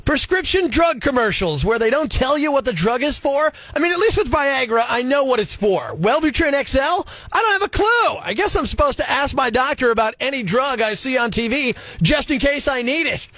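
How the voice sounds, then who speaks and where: High-pitched guy doing morning radio, cracks jokes, dry close mic. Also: brisk, hardly any pauses, no room sound. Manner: wisecracking, energetic, ranting. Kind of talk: radio talk show with callers and rants. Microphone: studio mic.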